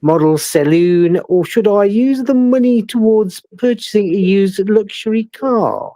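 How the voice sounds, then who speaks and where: A man's voice: high voice, measured pace, mellow, dry recording, voice pushed up. A man putting on a South African accent to read out a viewer's question as that viewer. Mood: mock-earnest. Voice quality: exaggerated twang, sing-song reading.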